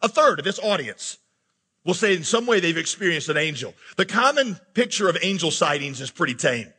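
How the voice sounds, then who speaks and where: A man preaching to a congregation with a high, bright, somewhat husky voice. He delivers an animated sermon and acts out anguished questions to God. His voice rings out with the long reverb of a large sanctuary. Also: brisk. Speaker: pastor.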